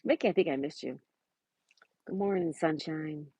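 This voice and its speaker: A woman's voice: low-pitched, a little slow, dark tone, breathy edge, no echo. A woman hosting a casual livestream, chatting and reading out viewers' messages and greeting them by name. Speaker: livestream host. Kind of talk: casual live-chat reading.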